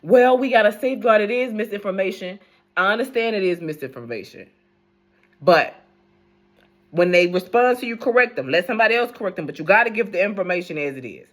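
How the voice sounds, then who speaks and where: A woman's voice: mid-range voice, lively intonation, a little fast. Blunt, profane woman ranting to camera. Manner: blunt, profane, rambling with restarts. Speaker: news commentator vlogger. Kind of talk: casual unscripted rant.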